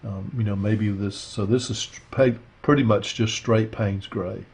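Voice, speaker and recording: A man teaching a watercolor painting demo, talking through his steps in a relaxed, rambling way with lots of fillers. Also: lowish voice, a little slow, creaky, breathy edge. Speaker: art instructor. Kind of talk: casual painting demonstration.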